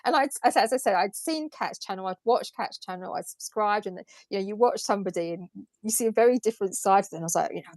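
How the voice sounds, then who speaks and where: A woman's voice: medium pitch, lively intonation, quick pace, a little mellow, no echo. Chatty woman, dry sound. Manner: chatty storyteller who laughs often. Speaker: co-host. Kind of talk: casual livestream chat. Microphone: phone.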